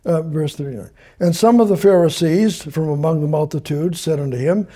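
A man's voice: a little high, a little fast, few pauses, mellow, husky. An older man teaching verse by verse from the Bible, rambling and repeating himself as he paraphrases scripture. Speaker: preacher.

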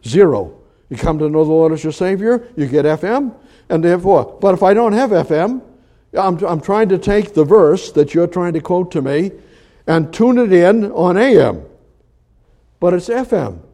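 An older man preaching a conversational sermon, swinging between emphatic rises and quiet, low asides. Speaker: pastor.

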